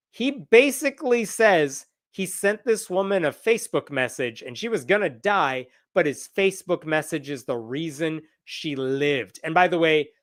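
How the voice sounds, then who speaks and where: A man's voice: high voice, fairly bright tone. A man hosting a live news roundup stream, talking with a sarcastic, incredulous manner. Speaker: host.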